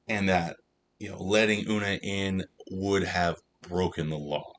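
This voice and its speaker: A man's voice: low voice, unhurried, a bit bright, slight background noise. A man casually recapping and reviewing a TV episode, in a loose, rambling way with plenty of fillers. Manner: loose, filler-heavy retelling. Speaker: TV show reviewer.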